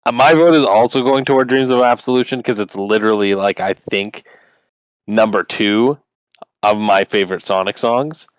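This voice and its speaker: A man's voice: on the low side, moderate pace, clear, resonant tone, dry recording. A man co-hosting a podcast in casual chat, running the bracket and arguing his opinions with lots of "like".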